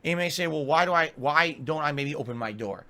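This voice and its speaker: Bright-voiced man ranting on stream. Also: fairly high pitch, fairly quick. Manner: profane, exasperated, lively complaining. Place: home office room.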